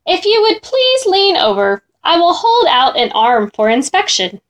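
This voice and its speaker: A woman's voice: extremely high pitch, wildly swooping pitch, unhurried, pitched above the performer's own voice, heavily acted. A woman playing a silky, prim monster. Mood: prim, polite. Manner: fussy and overly polite. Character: high, silky, prim male claw monster.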